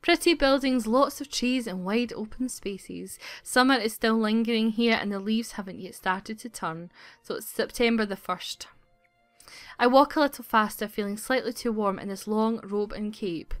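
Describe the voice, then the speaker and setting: A young woman reads a game's text aloud, playful and giggly, with sarcastic asides. Her voice sits a little high and sounds dry and close, with no room around it. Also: normal speed, no echo. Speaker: gaming YouTuber. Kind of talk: reading game text aloud with commentary.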